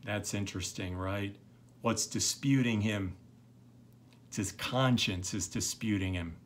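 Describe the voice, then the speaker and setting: Brief: middle-aged male lecturer, unhurried, rambling, lots of ums. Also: fairly low pitch, a little hiss or hum. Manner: relaxed, rambling, many fillers. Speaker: literature teacher. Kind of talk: recorded lecture.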